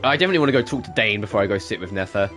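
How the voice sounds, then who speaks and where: A man chatting through a video game stream in a lively, expressive voice, swearing and laughing freely as he reacts. Faint game music sits behind him. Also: fairly low pitch, very fast. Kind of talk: casual gameplay commentary.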